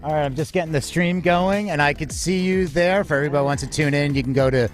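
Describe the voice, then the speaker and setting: A man's voice: fairly high pitch, quick pace. Man hosting a live music-news stream. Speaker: show host. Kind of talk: casual live-stream chat.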